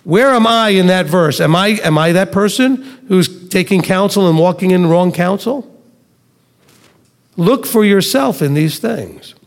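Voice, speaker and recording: A man's voice: high-pitched, lively intonation, unhurried, creaky. A man teaching a sermon to a live and online congregation, emphatic, with rhetorical questions and sarcastic asides. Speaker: Messianic Torah teacher. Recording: long reverb of a large hall.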